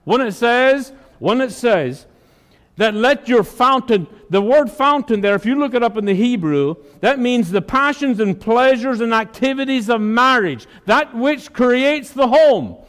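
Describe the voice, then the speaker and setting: High-voiced preaching man in a hall. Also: lively intonation, measured pace, a bit bright. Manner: emphatic preaching, asks the congregation questions. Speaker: pastor. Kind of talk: sermon.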